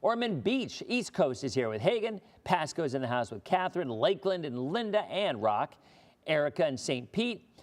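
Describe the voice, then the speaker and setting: A man's voice: on the high side, sing-song, moderate pace. A middle-aged man from Florida, a weather broadcaster hosting a casual livestream and chatting in a rambling way. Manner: rambling, chatty, with frequent restarts. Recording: long hall reverb.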